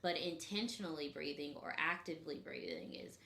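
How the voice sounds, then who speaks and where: A woman co-hosting a casual chat about spiritual practice, rambling with many fillers and dropping into soft, breathy asides. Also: deep voice, a little fast. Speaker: podcast co-host. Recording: echoey room.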